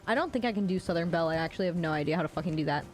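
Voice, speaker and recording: A woman's voice: lowish voice, lively intonation, racing, soft background music. Rambling woman streamer, casual and sweary. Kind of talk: casual gaming livestream chat.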